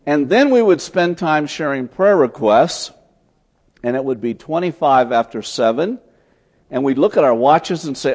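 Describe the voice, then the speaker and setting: A man preaching a sermon, telling stories as he teaches, swinging from loud emphatic lines to soft, hushed ones. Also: a little high, expressive, measured pace. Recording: long hall reverb.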